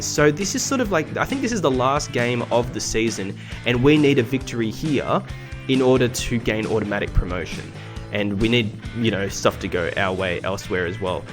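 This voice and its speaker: A young man hosting a gaming video, recapping matches in a chatty, excitable way, full of restarts and fillers. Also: mid-range voice. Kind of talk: game commentary, recapping and playing live. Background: background music.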